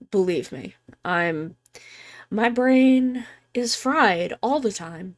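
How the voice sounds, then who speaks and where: A woman streamer chatting casually while giving tarot readings, joking about herself and swearing freely, speaking softly and close to the mic. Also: medium pitch, lively intonation, slow pace. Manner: soft, quiet near-ASMR voice close to the mic. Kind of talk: casual live-stream chat. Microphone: close microphone.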